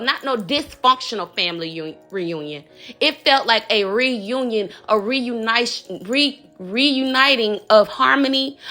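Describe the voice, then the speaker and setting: A woman talks straight to one listener in a casual, animated spiritual reading, still in her morning voice. Her tone is bright and sits a little high, and she keeps calling the listener baby. Faint music plays underneath. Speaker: spiritual reader podcaster.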